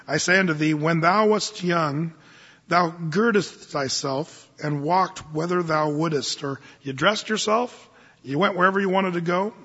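A man preaching a sermon as pastor, animated and conversational, reading scripture slowly and deliberately. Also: fairly high pitch, breathy edge, big-room sound, muffled recording.

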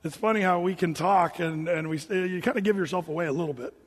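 A man with a high voice preaches a sermon in a relaxed, chatty way. He moves between scripture readings and joking asides. Long reverb from a large hall trails behind him. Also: fast.

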